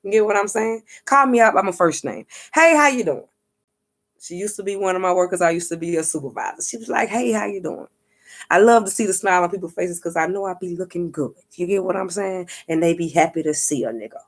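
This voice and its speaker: A woman's voice: on the low side, fast, few pauses. A woman vlogger and spiritual reader telling a story in a casual monologue, cursing freely, acting out what others said and checking in with her viewers. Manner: profane, street-talking, keeps asking "you get what I'm saying"; animated, acts out what others said.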